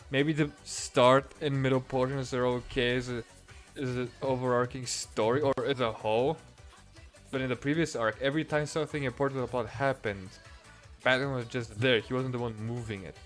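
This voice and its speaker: A man reviewing comics in a profane, exasperated and sarcastic rant. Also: medium pitch.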